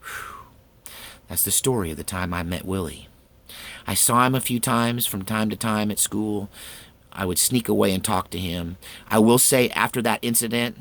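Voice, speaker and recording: A man in his fifties telling a personal story in a folksy, earnest, conversational way. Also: on the low side.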